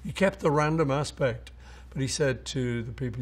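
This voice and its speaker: A man's voice: mid-range voice, moderate pace, husky. An older man, a songwriter, telling anecdotes in an interview and acting out what people said. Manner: anecdotal, acts out quoted people. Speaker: songwriter recalling his songs. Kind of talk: storytelling interview.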